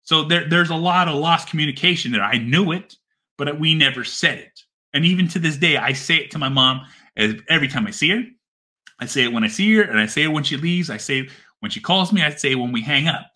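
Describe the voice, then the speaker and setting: Speaking brisk and pushed, a middle-aged dad tells his own story with raw honesty and feeling. His bright, high-leaning voice has lively intonation, and he curses a lot, saying things again to stress them.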